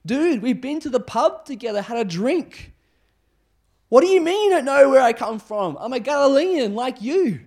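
A preacher voicing an indignant townsman who insists he is an old friend, pleading with rapid, incredulous questions. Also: extremely high pitch, animated, a little mellow, voice pushed up, exaggerated voice.

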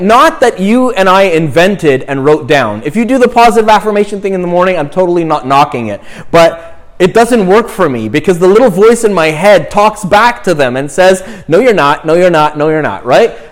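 Chatty high-voiced priest, lively. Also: male voice, normal speed. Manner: chatty, filled with "right?" and "you know". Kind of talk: informal sermon on prayer.

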